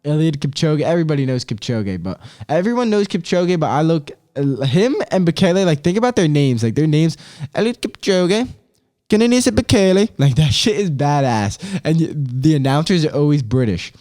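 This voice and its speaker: A man's voice: fairly high pitch, animated, fairly quick, few pauses, mellow. A man in his twenties hosting a casual podcast chat. He rambles in loose slang, swears freely, and keeps throwing in "bro" and "dude". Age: 20s. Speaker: podcast host.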